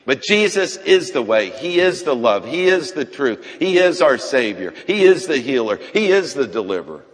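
A man preaching a testimony sermon to a congregation, shifting from hushed grief to loud, fervent declarations. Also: medium pitch, very animated, normal speed. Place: large hall before a congregation. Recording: long hall reverb.

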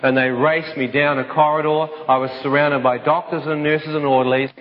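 A man giving an earnest personal testimony to an audience, slowing right down whenever he quotes a prayer. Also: on the high side, level tone. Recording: dull sound with long hall reverb.

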